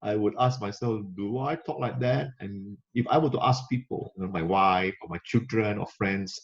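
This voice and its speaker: A man's voice: lowish voice, steady tone, moderate pace. A man giving a motivational talk to camera, coaching listeners and repeating key phrases for emphasis. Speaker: motivational speaker. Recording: slightly muffled lo-fi recording.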